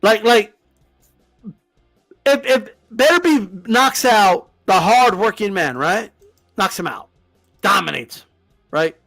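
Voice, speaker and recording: A man's voice: high-pitched, animated, slow pace, gravelly, long pauses, fairly bright tone, dry recording, faint music behind. A man hosting a boxing channel, ranting to the camera with heavy swearing and lots of repetition. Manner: profane, heated, repeats himself.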